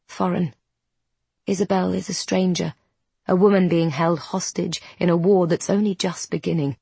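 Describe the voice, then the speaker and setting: A woman narrating a storybook in a measured, descriptive way. Her voice is low and husky. The recording is dry and close. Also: a little mellow, no room sound. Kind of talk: scripted narration.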